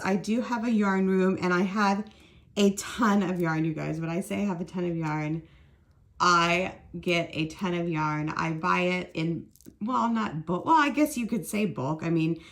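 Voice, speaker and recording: A middle-aged woman chatting casually to camera as a crochet vlogger, upbeat and rambling. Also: medium pitch.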